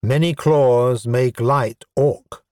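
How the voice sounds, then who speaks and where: A man narrating an audiobook in a wry, measured storytelling manner. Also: medium pitch, darkish tone, no echo, studio quality. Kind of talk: scripted narration.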